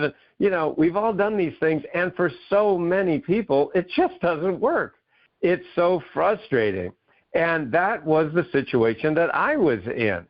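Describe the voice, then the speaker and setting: A man from Maine, a guest author and keynote speaker, telling his story with enthusiasm in a radio interview. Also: fairly high pitch. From Maine, USA. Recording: dull lo-fi radio audio.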